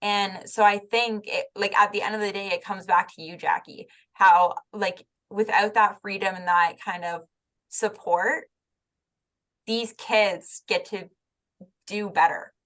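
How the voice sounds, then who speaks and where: A woman co-hosting a podcast and working with youth, talking quickly and from the heart with lots of "like" and "right". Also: medium pitch, fairly even intonation, a bit bright. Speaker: podcast co-host, youth worker. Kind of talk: casual conversation.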